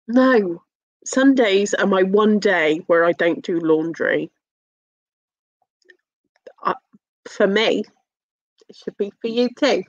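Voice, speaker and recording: Slow-talking English woman streamer. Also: medium pitch, no room sound, muffled recording. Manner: chatty, sweary, teasing, many fillers. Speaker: live streamer. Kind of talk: casual live-stream chat.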